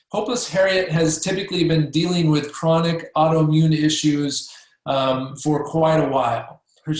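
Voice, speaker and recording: A man's voice: fairly high pitch, very echoey, poor audio. A man leading a training workshop, talking casually with many fillers and acting out the voices of patients and doctors.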